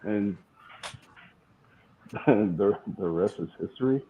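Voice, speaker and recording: A male band member recalls the early days in an earnest, rambling way. His voice is somewhat low. It comes through a narrow, tinny phone-like line. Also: expressive, slow. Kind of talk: casual chat.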